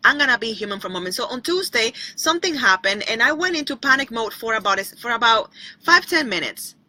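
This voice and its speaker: A woman with a fairly high, bright, forceful voice talks a little fast and expressively to her online viewers, addressing them by name. Her inspirational livestream is a chatty, repetitive devotional talk that now and then breaks into short bits of song. The recording is rough but has no echo.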